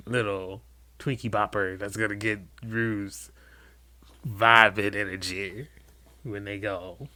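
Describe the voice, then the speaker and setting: A man co-hosting a casual podcast, chatty and easily excited. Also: on the low side, measured pace, long pauses. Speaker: podcast co-host. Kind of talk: casual chat.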